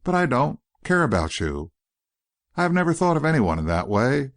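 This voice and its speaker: A man reading an audiobook voices a nervous, guarded young woman who speaks quickly and anxiously. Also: medium pitch, big pitch swings, voice pushed up.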